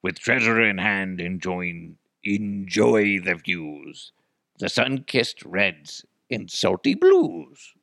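A man voicing a gruff male pirate who reads a rhyme in a slow, drawn-out way, growling "arr" and "yar". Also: deep voice, sing-song, sharp tone, no room sound, studio quality, full character voice. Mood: hammy.

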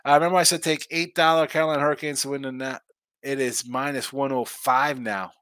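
The host of a live sports betting stream speaks fairly quickly in a mid-range voice with fairly even intonation, pushed and bright yet clear and resonant, and there is no room sound. He reads comments from viewers and keeps up loose, chatty banter with them.

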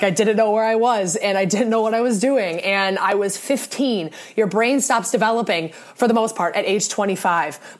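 A young woman co-hosting a sports podcast, talking in an earnest, rambling way with many restarts. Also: mid-range voice. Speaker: podcast co-host. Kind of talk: casual sports podcast talk.

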